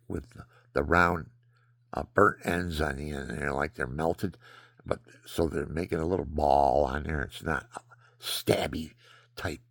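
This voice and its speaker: Older male vlogger, deep gravelly voice, dry close sound; wanders off topic mid-sentence while stretching. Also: no room sound. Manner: digressive, drifting between topics; stretching while talking, breathy hiccups. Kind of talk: rambling casual monologue.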